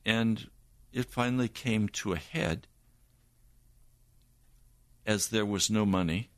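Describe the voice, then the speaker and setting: An older man recounts a personal testimony with slow, deliberate earnestness. His voice sits somewhat low, and the sound is close and dry. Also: no room sound. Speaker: preacher.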